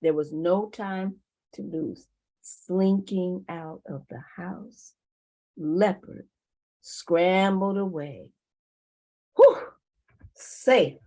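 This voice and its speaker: A woman telling a folk tale to a community group in an unhurried way. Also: lowish voice, low-quality recording. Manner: lively, unhurried, with pauses. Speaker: storyteller.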